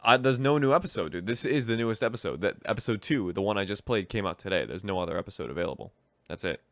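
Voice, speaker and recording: A man's voice: on the low side, animated, fast, fairly bright tone, no echo. A young man chatting casually as a game streamer, rambling with lots of fillers. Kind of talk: casual gaming commentary.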